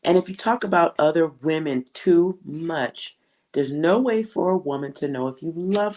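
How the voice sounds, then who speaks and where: A woman giving a live tarot reading to a viewer, blunt and slangy, often laughing, swinging between loud outbursts and hushed asides. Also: low-pitched, moderate pace, rough recording. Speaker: tarot reader.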